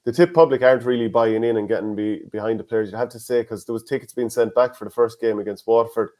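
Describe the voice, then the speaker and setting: An Irish man hosting a casual sports chat, reading out listener comments and giving his own views. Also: medium pitch. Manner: fast, animated, reads listener comments aloud. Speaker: podcast host.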